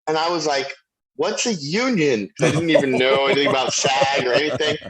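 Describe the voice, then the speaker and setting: A middle-aged man, a guest actor, telling a lively anecdote and acting out the voices of the people in it. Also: medium pitch, fast talker, over a noisy crowd, low-quality recording. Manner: animated storyteller, acts out quoted voices. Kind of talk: anecdotal storytelling.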